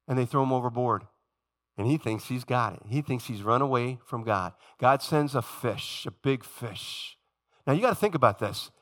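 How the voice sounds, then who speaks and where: Bright, animated male preacher. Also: medium pitch, normal speed. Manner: animated preaching with rising emphatic lines. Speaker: pastor. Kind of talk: sermon. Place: church sanctuary.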